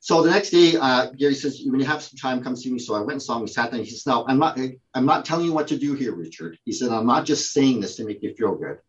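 Brief: male guest, halting storyteller, lots of ums, dull lo-fi call audio. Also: medium pitch, animated. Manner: halting, with many fillers and restarts. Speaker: prop company owner, guest. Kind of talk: casual anecdote telling.

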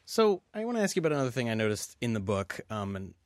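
A man's voice: very animated, quick pace, no echo. A man hosting a radio interview, conversational and playful as he asks his questions. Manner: conversational, playful, bouncing pitch. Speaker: radio show host. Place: radio studio. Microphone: studio microphone.

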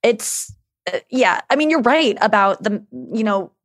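A woman's voice: on the high side, expressive, unhurried, dry recording, clean studio sound. A woman in casual podcast chat, telling candid, rambling stories with lots of "like" and some swearing. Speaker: guest, show host.

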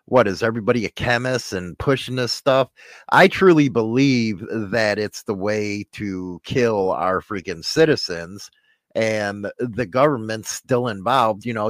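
A man's voice: lowish voice, no room sound. A man hosting a podcast, talking in a blunt, profane, joking way. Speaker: podcast host. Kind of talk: casual banter.

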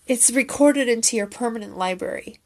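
A woman talks in a casual, heartfelt way, recapping a concert, earnest and sometimes rambling as she searches for words. Her voice sits a little high. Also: a little fast, warm tone. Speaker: fan video creator.

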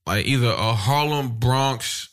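A man from Chicago with a bright, forceful voice, chatting loosely on a podcast. He rambles, piles up fillers and breaks into laughter. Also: mid-range voice, a little slow. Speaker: podcast co-host. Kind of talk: casual podcast chat.

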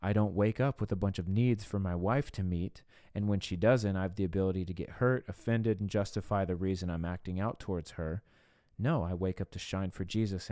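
A man delivering an earnest podcast sermon in a low, mellow voice. He preaches conversationally, turning to the listener with rhetorical asides. The sound is dry and close to the mic. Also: no echo.

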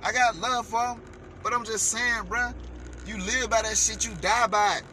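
A man delivering a heated, profane rant as a vlogger, shouting at times. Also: high voice, fairly even intonation, normal speed, slight background noise. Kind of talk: heated ranting commentary.

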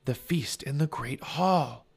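A man voicing a cautious, nervous young boy in a storybook read-aloud, speaking in a hushed, careful way. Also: medium pitch, slow pace, gravelly, breathy edge, pitched above the performer's own voice, exaggerated voice.

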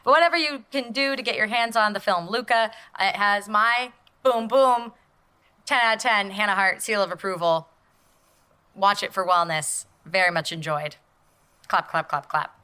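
A woman's voice: mid-range voice, moderate pace, pushed and bright, smooth. A woman co-hosting a podcast in a playful, chatty and self-deprecating way. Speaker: podcast co-host. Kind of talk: casual podcast chat.

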